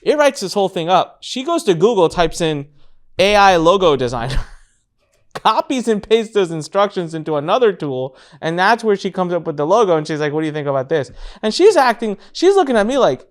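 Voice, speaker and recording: A man in his thirties hosting a casual business talk, telling a story with lively acted-out quotes. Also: high-pitched, a little fast. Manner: animated storytelling, acts out quotes. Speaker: podcast host.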